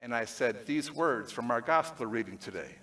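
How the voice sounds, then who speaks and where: A man preaching a sermon, telling a personal story with lively swings between excited, loud passages and hushed, tender ones. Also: medium pitch, moderate pace. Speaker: pastor.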